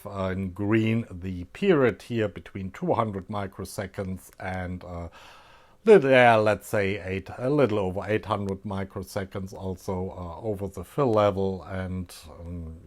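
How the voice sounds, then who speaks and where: Slow-talking man with a German accent. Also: sits low. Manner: slow, thinking aloud with many fillers. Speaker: electronics hobbyist host. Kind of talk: casual technical explanation.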